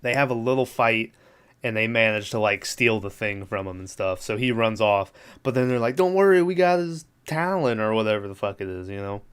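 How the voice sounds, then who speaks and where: Casual podcast host, male, smooth clear voice, rambles and swears, laughs a lot. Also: on the low side, steady tone, a little fast, fairly bright tone. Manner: laughing, profane, rambling with many fillers. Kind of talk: casual movie recap.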